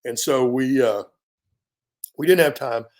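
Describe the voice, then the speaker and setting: An American man in his fifties, a veteran guest on an interview, telling a story in a casual, animated way and filling pauses with ums and you-knows. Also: mid-range voice. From United States. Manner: animated storyteller, acts out quoted dialogue, frequent fillers.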